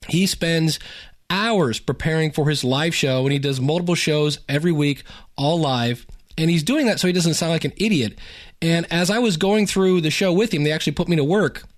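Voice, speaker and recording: A man's voice: on the high side, normal speed. A man hosting his podcast, talking in an upbeat, chatty and enthusiastic way. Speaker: podcast host. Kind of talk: casual podcast monologue.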